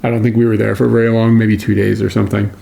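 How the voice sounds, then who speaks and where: Gravelly man commenting on a livestream. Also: lowish voice, flat delivery, mellow. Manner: halting, thinks aloud with "uh" and repeats. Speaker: livestream co-host watching old footage.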